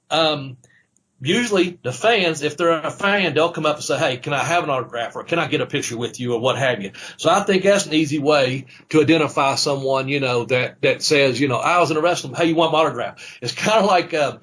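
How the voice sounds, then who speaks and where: A man's voice: a little high, slightly rough. A man hosting a casual podcast chat, rambling and swearing as he tells stories from wrestling. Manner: rambling, profane, animated storytelling.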